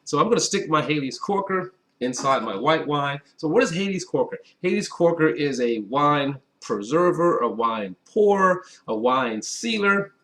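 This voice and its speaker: With a fairly high, fairly bright voice and lively intonation, he talks at normal speed with hardly any pauses. The Wisconsin wine reviewer hosts a casual tasting vlog from an indoor table against white, upbeat and chatting straight to viewers.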